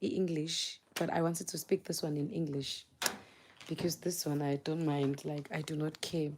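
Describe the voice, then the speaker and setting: A woman's voice: deep voice, moderate pace, noisy background. Chatty Zulu-accented South African woman. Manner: chatty and animated, mixing in Zulu words. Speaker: live stream host. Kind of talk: casual live chat. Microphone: phone.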